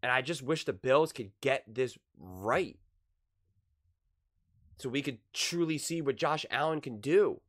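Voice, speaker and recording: A man's voice: mid-range voice, expressive, a little slow, long pauses, a bit bright. A man hosting his own sports channel, giving impassioned casual opinion commentary to camera, repeating words and restarting sentences.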